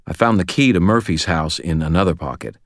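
Brief: low-pitched male narrator for a first-person action novel, steady and measured, bone-dry studio sound. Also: dry recording. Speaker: audiobook narrator.

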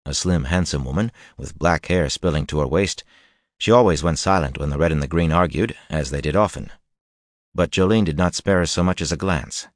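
A man reading a fantasy audiobook in a steady, even storytelling manner. His voice sits deep and the recording is close and completely dry. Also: a little fast, no room sound. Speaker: audiobook narrator. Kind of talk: scripted narration.

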